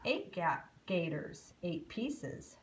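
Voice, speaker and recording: A timid young alligator girl, as a woman reads her part, sighing and nervous. Her slow, careful lines come from a storybook. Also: lowish voice, sing-song, slight background noise, exaggerated voice.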